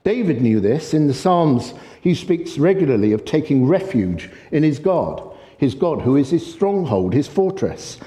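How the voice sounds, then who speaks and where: A man preaching a sermon with impassioned energy, often getting excited and loud. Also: fairly high pitch, unhurried. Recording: long echoey hall reverb.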